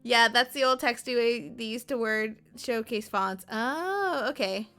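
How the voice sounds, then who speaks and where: Woman streamer, bright and slightly high, rambling casual chat, quotes herself in little voices. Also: measured pace, faint music behind. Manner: chatty and rambling, often acts out her own and others' words. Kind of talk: casual chat while livestreaming a game.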